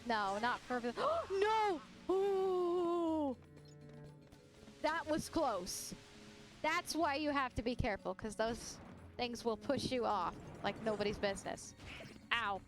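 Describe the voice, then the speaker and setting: A woman streaming a game live, talking to her chat with animated, exclamatory reactions and frequent giggles. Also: on the high side, unhurried, faint music behind. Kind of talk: live gameplay commentary.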